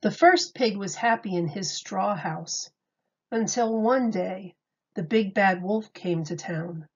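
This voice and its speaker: A woman teacher reading a children's story and explaining a craft, gentle and clear, step by step. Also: mid-range voice, slow, muffled recording.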